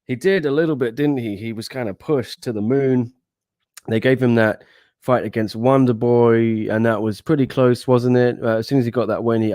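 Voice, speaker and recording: A man hosting a sports podcast in casual chat, relaxed and self-deprecating, reading out viewer comments. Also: on the low side, dry recording, studio quality. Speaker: podcast host.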